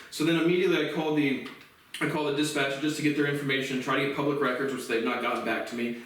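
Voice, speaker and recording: A man delivering an angry, profane vlog rant that bursts into shouting. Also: a little high, distant mic. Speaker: vlogger. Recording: very echoey room, voice off-mic.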